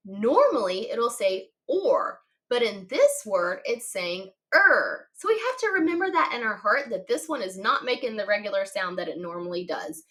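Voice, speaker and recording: Woman teacher for early readers: bright, lively voice, unhurried, encouraging. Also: mid-range voice. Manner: patient, encouraging, spells words slowly letter by letter; cheerful praise. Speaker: phonics teacher. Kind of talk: children's reading lesson.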